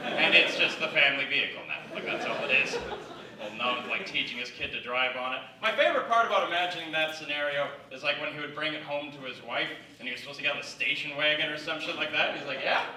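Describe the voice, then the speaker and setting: A man from the Yukon doing a conversational, self-deprecating stand-up set on a theatre stage, slipping into quick acted quotes. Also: a little high, background noise. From Yukon, Canada. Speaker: stand-up comedian. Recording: echoey theatre, mic at a distance.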